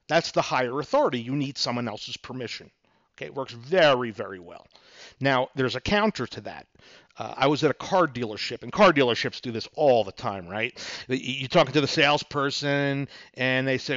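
A man's voice: medium pitch, expressive, normal speed, fairly bright tone, dry recording, highs cut off. A middle-aged man hosting a solo podcast, explaining negotiation tactics and acting out both sides of the dialogues in a conversational way. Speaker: podcast host, real estate attorney.

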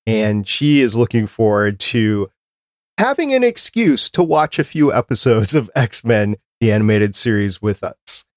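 A man's voice: on the low side, sing-song, measured pace, no echo. Chatty male podcast host, dry sound. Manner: chatty, reads out dates and lists. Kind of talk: casual podcast chat.

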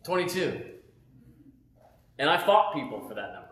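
A man preaching a personal testimony in a casual, animated way, tossing in "man" and "right?" between his points. His voice sits a bit high for a man. The room is roomy and echoey, as if he is speaking at home. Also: normal speed. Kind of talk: sermon testimony.

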